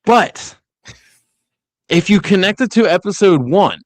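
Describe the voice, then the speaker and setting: A man's voice: medium pitch, normal speed, dry recording. A man co-hosting a podcast, chatting casually in a review, acting out characters' lines as he recaps. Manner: animated, acts out quotes in voices. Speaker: podcast co-host.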